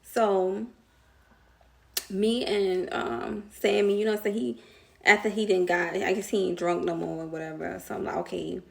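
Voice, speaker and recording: Chatty young woman, gravelly voice. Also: mid-range voice, level tone, unhurried. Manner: chatty, slangy, laughs often, addresses viewers as y'all. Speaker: vlogger telling a story. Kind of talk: casual storytime.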